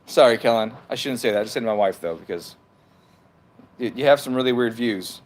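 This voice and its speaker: A man's voice: mid-range voice, a little fast. Profane, argumentative male streamer. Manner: profane, argumentative, talks back to comments. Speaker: livestream host reading chat. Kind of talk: heated casual livestream rant. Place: at home.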